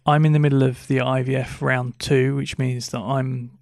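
A man co-hosting a podcast in easygoing, rambling casual chat, often clearing his throat. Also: mid-range voice, flat delivery, normal speed, no echo, clean studio sound. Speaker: podcast co-host.

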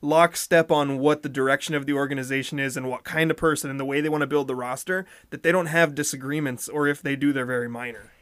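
A man's voice: medium pitch, fairly even intonation, fast, hardly any pauses, a bit bright, dry recording, clean studio sound. A man co-hosting a sports podcast, telling stories in casual chat, wry and laughing. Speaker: podcast co-host.

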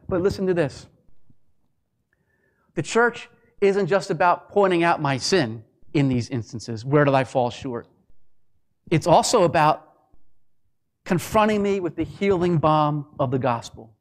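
A man preaching a sermon as pastor, impassioned and building to fervent passages, with quick asides mimicking others. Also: fairly high pitch. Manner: impassioned, rising to a fervent climax.

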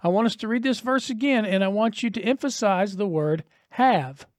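A man's voice: high-pitched, moderate pace, no echo, studio quality. A man preaching a sermon as a pastor, earnest and conversational, posing rhetorical questions to his listeners.

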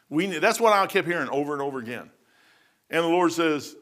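A man in his sixties preaching a sermon, telling folksy stories with bursts of loud emphasis. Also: a little high, animated, fast. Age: 60s.

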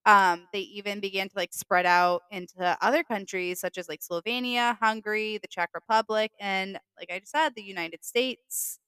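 A young woman with a Boston accent, talking loosely and swearing as she co-hosts a casual podcast. Her voice is smooth and clean, recorded dry and close. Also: mid-range voice, fairly even intonation, normal speed, few pauses, fairly bright tone, no room sound. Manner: profane, joking, loose storytelling. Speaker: podcast co-host. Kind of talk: casual chat.

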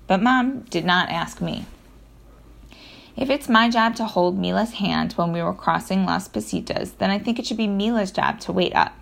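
A woman narrating a children's audiobook in the first person, in a lively storytelling manner with occasional self-corrections. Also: medium pitch, gravelly.

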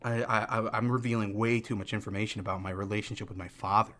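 A man's voice: lowish voice, steady tone, fast talker, fairly bright tone. A young adult man hosting a casual solo podcast, rambling through tangents in a joking, self-deprecating way. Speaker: podcast host.

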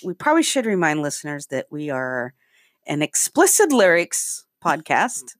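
A woman's voice: deep voice, sing-song, moderate pace, no room sound, clean studio sound. A woman co-hosting a podcast, chatting casually in a playful, rambling way and laughing often. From rural area. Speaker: podcast co-host. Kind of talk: casual chat.

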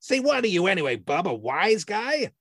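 Man voicing a sneering tough guy: nasal, high, snarls and threatens. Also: very animated, normal speed, a bit bright, no room sound, studio quality, heavily acted. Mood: snarling.

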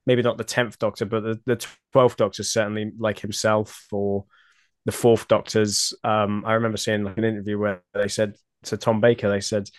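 A man's voice: fairly low pitch, level tone, moderate pace, dry recording, studio quality. A man guesting on a podcast, talking casually and repeating words as he gathers his thoughts. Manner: hesitant, repeats words as he thinks. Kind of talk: casual chat.

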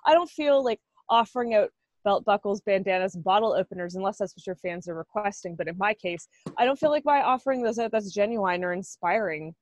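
A woman in her thirties from Canada, a musician guest on a podcast, chatting in an animated way and laughing often. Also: mid-range voice, a little fast. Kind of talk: casual chat.

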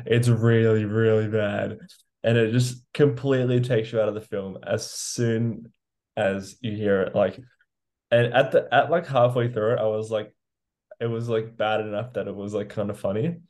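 A man's voice: fairly low pitch, fairly even intonation, moderate pace, a little mellow. A man co-hosting a casual movie podcast, easygoing and loose, filling his speech with "like" as he talks through his picks. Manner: easygoing, filler-heavy, says "like" constantly. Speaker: podcast co-host.

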